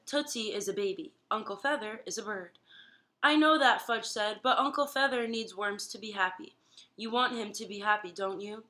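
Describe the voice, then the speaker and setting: A woman reading a children's chapter book aloud, giving the characters lively voices. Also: mid-range voice. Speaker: guest reader.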